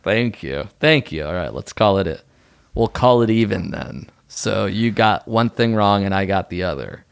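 A man's voice: fairly low pitch, lively intonation, moderate pace, gravelly, smooth, no room sound, studio quality. A man from Massachusetts co-hosting a comedy podcast, laughing and self-mocking as he talks around in circles. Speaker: podcast co-host. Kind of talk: casual comedy banter.

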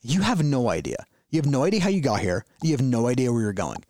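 A man co-hosting a podcast, talking in a casual, reflective and animated way and often restarting his words. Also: medium pitch, quick pace, dry recording. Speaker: podcast co-host.

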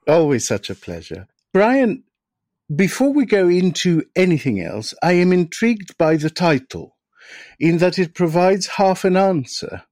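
A man's voice: sits high, very animated, darkish tone, no room sound, clean studio sound. Reflective man hosting a podcast. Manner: measured, reflective, articulate. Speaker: podcast host. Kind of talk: scripted intro then interview questions.

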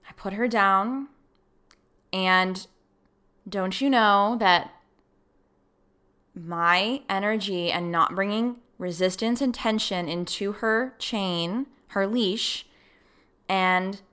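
A woman hosting a solo podcast, telling a personal story in a casual, animated way and acting out her own thoughts. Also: mid-range voice, clean tone. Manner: animated, acts out her own past thoughts, laughs easily. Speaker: podcast host.

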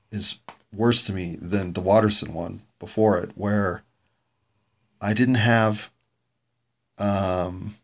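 A man hosting his own podcast, rambling through a reflective and self-critical solo monologue. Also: lowish voice. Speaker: podcast host reviewing his own episodes.

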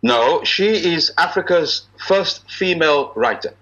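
A middle-aged actor, telling stories as a podcast guest in casual chat and slipping into pidgin. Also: male voice, a little high, unhurried, dull audio. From Nigeria. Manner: animated storyteller, slips into pidgin, chuckles often. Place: at home abroad, remote call.

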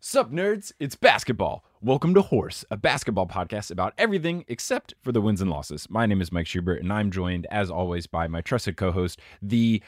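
Lively, jokey male podcast host. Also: on the low side, moderate pace, few pauses. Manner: playful, jokey, lively delivery. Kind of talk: casual comedic chat.

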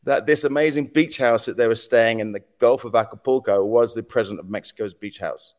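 A man in the guest seat, spinning animated anecdotes at an ordinary pitch. He acts out the voices and noises in his stories and laughs easily, keeping the talk casual and quick. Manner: animated anecdotes, acts out quotes and sound effects, laughs often. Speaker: podcast guest, former news agency head. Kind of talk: casual storytelling interview.

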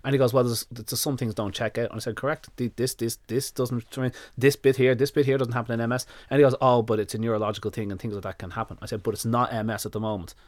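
Guy on a podcast, lowish voice, rattles through his story fast, swears a lot, acts out what people said. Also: dry recording. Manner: swears freely, retells events in quoted dialogue. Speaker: dog nutritionist guest. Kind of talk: casual podcast interview storytelling.

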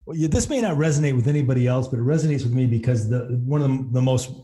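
Fast-talking mellow-voiced male guest. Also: mid-range voice. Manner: quick, slightly halting, restarts sentences. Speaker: guest, business coach and author. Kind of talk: casual interview chat.

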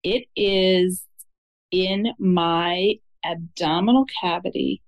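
Earnest woman caller, kinda low voice, talks in detail. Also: steady tone, slow pace, dull audio. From Syracuse, New York. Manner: earnest, describing in detail, nervous laughs. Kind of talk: call-in conversation.

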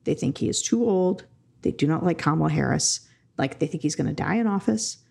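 A woman's voice: low voice, animated, a little fast, gravelly, a little mellow, slightly rough. A woman co-hosting a political podcast, talking in a rambling, earnest way with many "like" fillers. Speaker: podcast co-host. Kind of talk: casual political chat.

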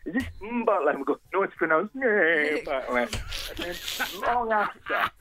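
A man telling stories in a casual radio chat, animated and full of restarts. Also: high voice, fairly quick, over music, poor audio. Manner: animated storyteller, many restarts. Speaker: guest contestant.

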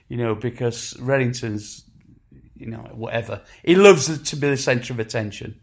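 A man in his sixties with a Sheffield accent, telling stories in a casual chat with lively acted-out quotes and frequent restarts. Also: mid-range voice, slow, pauses often. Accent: Sheffield English. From England. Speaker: musician guest.

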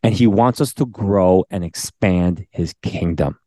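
A man co-hosting a casual faith podcast, excitable and animated, urging his listeners on. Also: sits low, a little slow, no room sound. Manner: animated, excitable, exhorting the audience. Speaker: podcast co-host.

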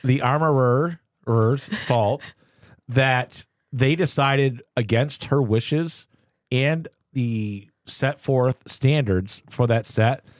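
A man's voice: medium pitch, drawn-out words, no echo, studio quality. A man hosting a casual podcast from a cluttered home office. He rants in frustration and fires off rhetorical questions. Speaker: podcast host. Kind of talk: casual opinionated chat.

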